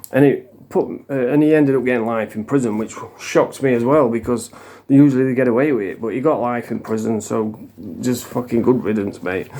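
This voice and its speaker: British man, casual vlog monologue, rambling, swears a lot, mellow dark tone. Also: fairly high pitch. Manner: rambling, heated and profane. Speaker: vlogger in addiction recovery.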